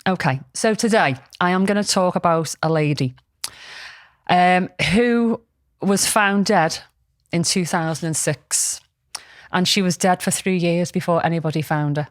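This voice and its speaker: Woman on a podcast, chatty and rambly, lowish voice, dead dry mic. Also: a little slow, no room sound. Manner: chatty, rambling, lots of ums and restarts. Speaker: podcast co-host. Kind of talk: casual podcast storytelling.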